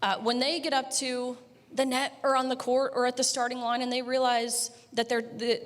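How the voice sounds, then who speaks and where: A woman's voice: on the high side, a bit bright. A young woman in her twenties giving a banquet speech, conversational and blunt, with frequent filler words. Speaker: banquet speaker. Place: banquet hall. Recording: reverberant banquet hall.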